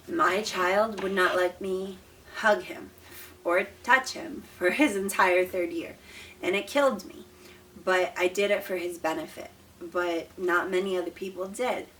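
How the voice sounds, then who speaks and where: Earnest mother giving calm tips, distant mic. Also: fairly low pitch, a little hiss or hum. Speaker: parent of an autistic child, author. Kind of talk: advice talk to camera.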